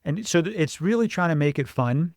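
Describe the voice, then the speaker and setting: A man co-hosting a parenting podcast, explaining ideas in a casual, animated way and acting out family scenes. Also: a little high, a little fast, dry recording, clean studio sound. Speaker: podcast co-host, parenting coach.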